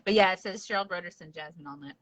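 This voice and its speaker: A woman's voice: lowish voice, quick pace, fairly bright tone. A woman hosting a casual podcast chat, rambling and giggly with lots of fillers. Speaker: podcast host. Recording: dull lo-fi sound.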